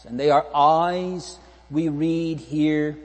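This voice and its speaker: A male pastor delivers a sermon in a slow, deliberate cadence, his voice mellow and a little higher than most men's. He pleads earnestly with his congregation through searching questions. The recording carries the long echo of a church hall over a faint electrical hum. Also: fairly even intonation.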